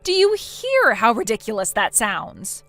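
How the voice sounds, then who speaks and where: A woman's voice: a little high, wildly swooping pitch, a little slow, fairly bright tone, full character voice. Brief: woman voicing stern young female friend, blunt and lecturing, text-story read, light music underneath.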